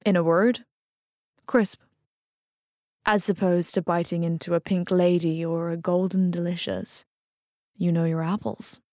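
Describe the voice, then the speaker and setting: A woman's voice: fairly low pitch, flat delivery, measured pace, long pauses, darkish tone, no echo, clean studio sound, lightly acted. A woman voicing an odd, playful man who flirts in eager, teasing banter, read in an audiobook.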